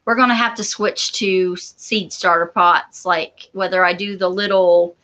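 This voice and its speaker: A woman's voice: lowish voice, fairly even intonation, normal speed, pushed and bright, poor audio. A woman co-hosting a homestead livestream, chatty and agreeable, chiming in often. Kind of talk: casual live-stream chat.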